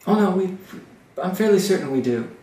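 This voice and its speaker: A man voicing a calm woman who leads a group of armed guards, speaking slowly and evenly. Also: high voice, pitched above the performer's own voice. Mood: polite. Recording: roomy room, distant mic.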